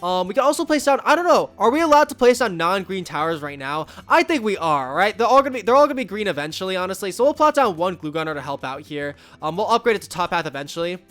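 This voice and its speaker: A man's voice: sits high, sing-song, quick pace, few pauses, a bit bright. A young man giving casual gameplay commentary as a YouTuber, upbeat and rambling with many fillers and asides. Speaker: gaming YouTuber.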